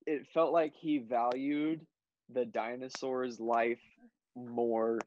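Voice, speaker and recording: A man's voice: mid-range voice, fairly even intonation, takes it slowly, a little mellow. A tipsy man rambling about a movie in casual chat, backtracking and correcting himself. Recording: dry dull lo-fi mic.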